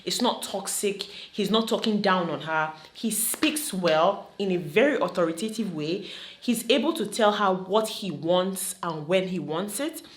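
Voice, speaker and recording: A woman with a Nigerian accent giving animated, opinionated commentary on a reality show, slipping into Pidgin. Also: fairly low pitch, a little slow. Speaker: vlogger reacting to a reality show. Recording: roomy echo.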